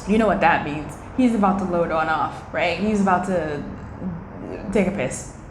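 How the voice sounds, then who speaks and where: A young adult woman giving a casual tarot reading, chatty and animated, slipping into little quoted voices. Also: fairly low pitch, normal speed. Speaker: tarot reader. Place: indoor room by a window. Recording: echoey room with faint ambient noise.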